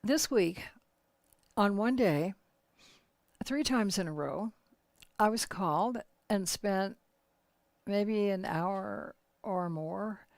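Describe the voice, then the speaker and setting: A woman leading a spiritual workshop, telling teaching stories in a calm, measured, unhurried way. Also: mid-range voice, creaky, no room sound. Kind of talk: teaching storytelling.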